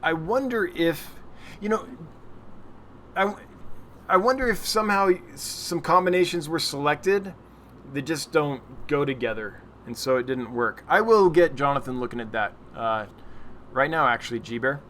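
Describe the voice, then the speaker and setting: A man's voice: fairly high pitch, expressive, a little slow, a bit bright, slight background noise. A man hosting a weekly livestream, chatting casually as he answers viewer questions and laughs at his own slips. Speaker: livestream host.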